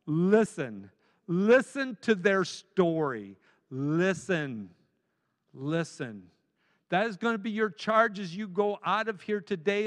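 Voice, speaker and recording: A man's voice: high voice, fairly bright tone, clean tone. A man preaching as a guest speaker, urging the listeners with emphatic, repeated phrases. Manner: repetitive, emphatic exhortation. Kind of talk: sermon. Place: large church sanctuary. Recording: long hall reverb.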